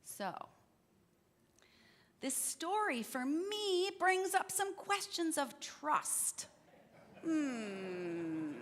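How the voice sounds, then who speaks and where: A woman tells a story during a church service, gentle and engaging her listeners with questions. Her voice is high and bright, her pace unhurried. The long reverb of a church hall follows her. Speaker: worship leader. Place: church sanctuary.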